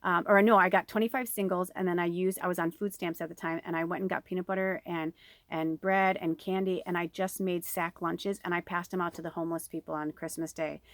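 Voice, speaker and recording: A woman's voice: fairly low pitch, steady tone, fairly quick, dry recording. Emotional profane woman tarot reader. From Chicago. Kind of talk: casual storytelling to viewers. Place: inside an RV.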